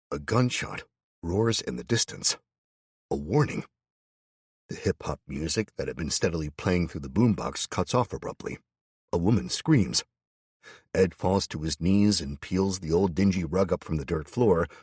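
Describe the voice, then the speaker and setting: A man's voice: deep voice, lively intonation, normal speed, slightly rough, no echo, studio quality. A middle-aged man narrating an audiobook in first person with tense, dramatic storytelling.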